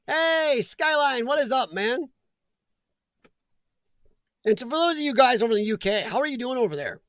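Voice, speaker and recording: A chatty middle-aged man hosts a live stream, reading out comments and laughing easily between them. His voice sits high for a man. The sound is close and dry, with almost no room around it. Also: animated, moderate pace, pauses often, a bit bright, no echo. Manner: chatty, laughs often, talks back to chat.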